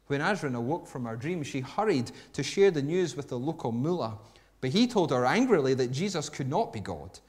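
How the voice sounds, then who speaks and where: A man preaching a sermon in a mid-range voice, reading a story aloud. His delivery is expressive, dropping to a hush and then rising to emphasis. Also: mid-range voice, moderate pace. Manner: expressive storytelling, swinging between hushed and emphatic.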